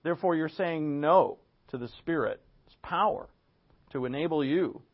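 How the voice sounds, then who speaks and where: A man preaching in a church, with a voice pitched a little higher than most men's. He is animated and conversational, throwing rhetorical questions at his listeners. The recording is slightly dull and lo-fi. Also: normal speed. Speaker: pastor. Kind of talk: sermon.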